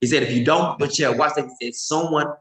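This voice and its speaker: A man preaching informally and emphatically, swinging between loud outbursts and low murmurs. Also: fast. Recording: roomy echo.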